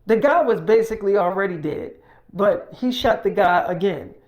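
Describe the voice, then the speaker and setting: Brief: woman, relaxed rambling storyteller, swears freely, mid pitch. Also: normal speed. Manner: rambling, profane, retells dialogue. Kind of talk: casual story recap of a role-play.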